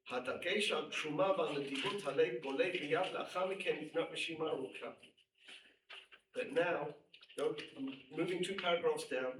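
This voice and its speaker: A man's voice: sits high, background noise. A man teaching a Torah class, reading aloud and explaining with emphatic, repetitive bursts. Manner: animated, emphatic, repeats phrases, reads aloud in Hebrew. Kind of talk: lecture to students. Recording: echoey room, mic at a distance.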